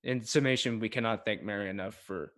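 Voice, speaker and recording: Low-voiced man hosting a livestream. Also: a little fast, a bit bright. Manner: friendly, appreciative, rambling. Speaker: livestream host. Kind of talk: casual livestream commentary.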